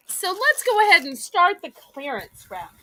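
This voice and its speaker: A woman's voice: extremely high pitch, wildly swooping pitch, normal speed, bright, forceful tone. A woman hosting a live online auction, with chatty, folksy sales patter and a voice she says is wearing out. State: losing her voice. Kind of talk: live-stream selling chat.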